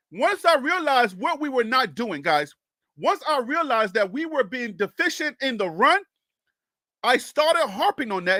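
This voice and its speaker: A man hosting a casual sports talk livestream, passionate and loud about his team, speaking into a close mic on a pole. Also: very high voice, dry recording. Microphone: mic on a pole close to mouth.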